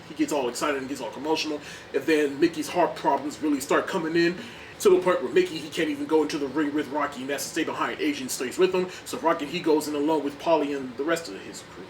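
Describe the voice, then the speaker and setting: A young man casually reviewing a movie in an enthusiastic, rambling way, often repeating himself. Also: on the high side. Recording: distant mic, faint background noise.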